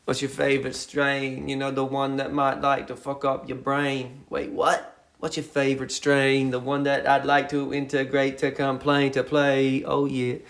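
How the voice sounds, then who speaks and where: A man's voice: mid-range voice, monotone, unhurried, gravelly, a bit bright. A young man hosting a casual phone livestream, rambling playfully and reading out viewer comments. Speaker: livestream host.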